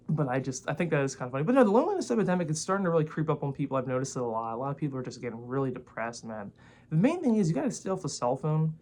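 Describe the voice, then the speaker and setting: Man, 20s, vlogger; rapid, rambling, blunt rant full of swearing and fillers. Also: fairly high pitch, darkish tone. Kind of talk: casual rant to camera.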